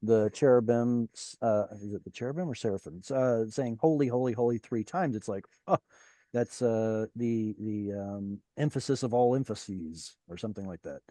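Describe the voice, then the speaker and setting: Guy teaching a class on a video call, mellow low voice, dry sound, lots of ums and restarts. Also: no echo. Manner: explanatory, halting with fillers and restarts. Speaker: Hebrew teacher.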